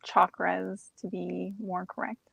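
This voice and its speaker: A woman guest explaining energy healing in a gentle, steady way, with frequent light laughs. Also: fairly low pitch, slow, creaky, slightly rough, dry recording, lo-fi sound. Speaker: guest, crystal and chakra teacher. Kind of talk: casual chat and explanation.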